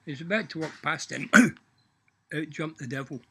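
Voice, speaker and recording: A man's voice: fairly high pitch, moderate pace, a bit bright, slight background noise. A half Irish, half Scottish man casually telling a joke, swearing and folksy. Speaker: joke teller. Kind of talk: casual storytelling.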